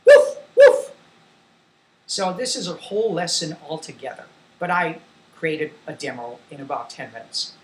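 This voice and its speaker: A woman teaching a demo English lesson for young children, singing slowly and giving simple classroom instructions. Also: deep voice, animated, a bit bright, reverberant.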